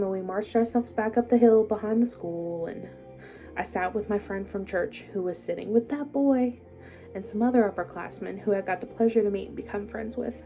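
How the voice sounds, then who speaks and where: A young woman telling her own life story to the camera, halting and hesitant with many pauses, sometimes dropping to a near-whisper. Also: a little high, gravelly, dark tone.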